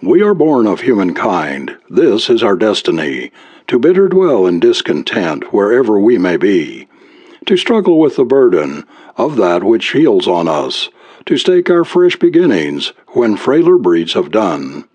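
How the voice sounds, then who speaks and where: A man's voice: on the low side, wildly swooping pitch, unhurried, darkish tone, dry recording, highs cut off, heavily acted. A man voicing a hunched, brooding husband who hesitates and mumbles, reciting grim verse.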